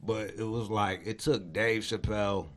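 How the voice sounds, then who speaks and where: A man's voice: on the low side, fairly even intonation, a little slow, a bit bright. A man hosting a casual interview, talking in a blunt, profane, laid-back way. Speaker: interviewer and host. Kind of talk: casual chat.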